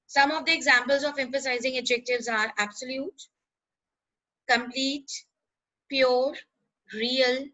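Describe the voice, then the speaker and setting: A woman explaining grammar in a lesson, pausing with "uh" and checking in with "right?". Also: high-pitched, bright, forceful tone, highs cut off. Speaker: teacher.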